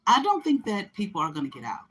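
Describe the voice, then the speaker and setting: A woman's voice: medium pitch, wildly swooping pitch, quick pace, fairly bright tone, rough recording. A middle-aged woman telling a casual story, often cursing, laughing, and acting out other people's lines. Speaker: vlogger.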